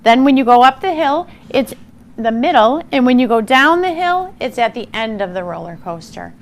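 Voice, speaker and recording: A woman teaching a phonics lesson to young children, slow and encouraging, sounding out words with exaggerated care. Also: on the high side, expressive. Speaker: primary school teacher.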